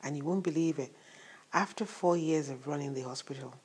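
A woman's voice: low voice, fairly quick, a little mellow, breathy edge. A woman preaching a morning sermon in a conversational way, full of rhetorical questions. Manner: conversational, asks rhetorical questions, laughs at times.

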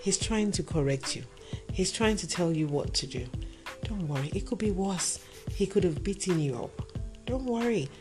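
A woman's voice: on the low side, lively intonation, moderate pace, music in the background, close to an everyday voice. A woman voicing a middle-aged mother who soothingly brushes off her daughter's complaints. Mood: dismissive. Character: dismissive middle-aged mother excusing abuse.

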